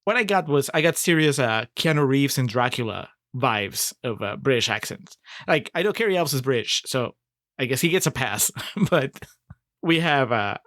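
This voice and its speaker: A man's voice: medium pitch, animated, normal speed, fairly bright tone, no echo, clean studio sound. A man co-hosting a podcast, picking apart a film with laughing, critical banter. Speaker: podcast co-host. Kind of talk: casual film discussion.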